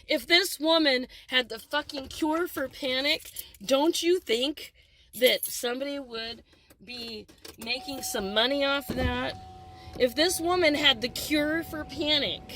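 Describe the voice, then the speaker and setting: Middle-aged woman ranting, higher voice. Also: noisy background. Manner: rambling, agitated storytelling. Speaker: vlogger. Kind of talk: talking-to-camera rant.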